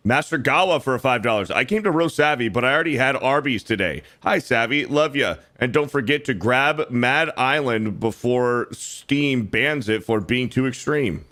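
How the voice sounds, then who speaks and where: A man's voice: medium pitch, pushed and bright. A man co-hosting a livestream, reading out donation messages in crude, profane banter. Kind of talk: casual chat.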